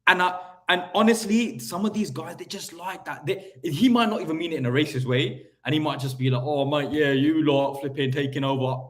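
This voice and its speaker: A young man running his recruitment business, chatting casually on a live stream between cold calls, with lots of fillers and a brighter tone when on the phone. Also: a little high.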